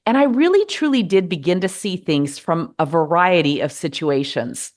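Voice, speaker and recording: A middle-aged woman from the United States hosting a podcast, giving earnest, measured advice in a gently encouraging monologue. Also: on the low side, lively intonation. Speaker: podcast host.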